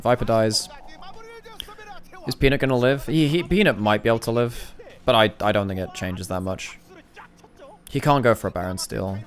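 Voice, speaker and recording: A man giving a casual, thinking-aloud commentary review of a recorded esports match, restarting phrases as he analyzes plays. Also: on the low side.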